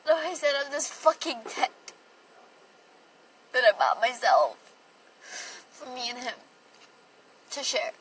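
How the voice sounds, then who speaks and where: Speaking slowly in a high, sing-song, fairly bright voice with long pauses, a young woman recounts a personal story on a phone livestream. The telling is rambling and emotional, packed with "like." She's far from the mic, with faint background noise.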